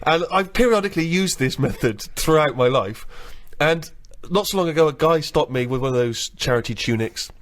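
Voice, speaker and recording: A man's voice: fairly high pitch, animated, normal speed. A man, a radio co-host, telling rambling self-mocking anecdotes in casual banter. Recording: archived radio studio recording.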